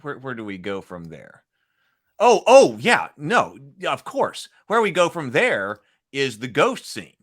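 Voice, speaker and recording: A man hosting a casual film discussion podcast, chatty and quick to laugh. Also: mid-range voice, huge pitch swings, fairly bright tone. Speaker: podcast host.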